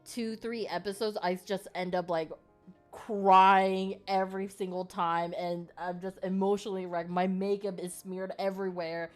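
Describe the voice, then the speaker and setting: A woman's voice: medium pitch, flat delivery, a little slow, soft background music. A woman co-hosting a casual podcast chat, rambling with many fillers and laughing often. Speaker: podcast co-host.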